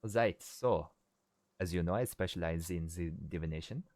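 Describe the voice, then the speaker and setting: A man's voice: low-pitched, moderate pace, a little mellow, dry recording, studio quality, pitched below the performer's own voice, close to an everyday voice. A man voicing an anxious, polite wizard who specializes in divination, speaking formally and fretfully. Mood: earnest.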